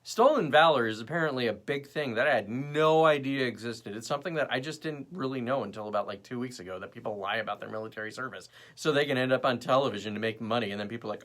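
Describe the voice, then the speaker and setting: A man's voice: medium pitch, fast talker, few pauses, a bit bright. A young man hosting his own show, ranting sarcastically about politics and the news in a casual way. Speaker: host.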